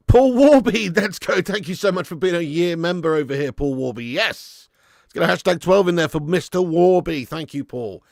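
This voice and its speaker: A man's voice: mid-range voice, vocal fry, no echo, clean studio sound. A man hosting a live football watch-along stream, bantering and laughing as he reads out viewer messages.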